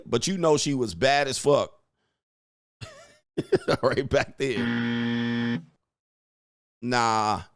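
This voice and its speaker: A man's voice: mid-range voice, dry recording, studio quality. A man hosting a casual commentary show, joking and laughing at his own lines as he rambles. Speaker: commentary show host and dating coach.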